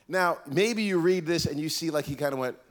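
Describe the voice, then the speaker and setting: A man preaching a sermon, animated and playful, acting out voices of Bible figures and teasing the congregation. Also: a little high, fairly quick. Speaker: pastor. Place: church.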